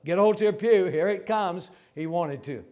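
A man's voice: sits high, normal speed, warm tone. A man preaching a sermon in a folksy, emphatic way, repeating words and restarting phrases. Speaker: pastor.

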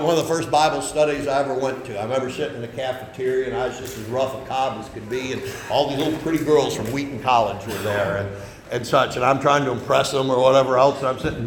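A man preaching a sermon, folksy and conversational, swinging between loud emphasis and soft asides. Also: mid-range voice, echoey room, slight background noise, rough recording.

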